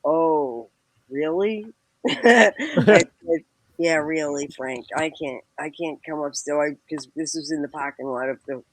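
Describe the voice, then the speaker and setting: A woman's voice: deep voice, unhurried, a little hiss or hum. A woman guest telling a rambling, profane story in casual chat, laughing often and acting out the people she quotes. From Boston area. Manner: laughs often, swears, acts out quoted voices.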